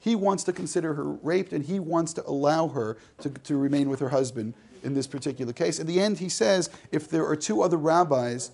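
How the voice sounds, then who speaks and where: A man's voice: a little high, brisk, gravelly, hardly any pauses, darkish tone. A man teaching a class, reading a text aloud, translating it line by line and joking with the students. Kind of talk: classroom lecture.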